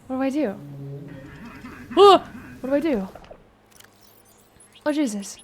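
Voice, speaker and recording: A young woman streaming a game live, excitable and laughing often, swearing freely and using casual gamer slang. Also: sits high, moderate pace, a little hiss or hum. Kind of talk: live-streamed gameplay chat.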